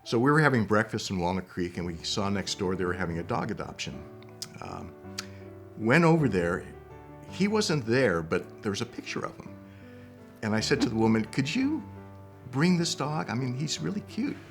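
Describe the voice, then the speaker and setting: A man telling a funny anecdote in an animated storytelling way. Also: fairly low pitch, moderate pace, faint music behind. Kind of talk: anecdote in interview.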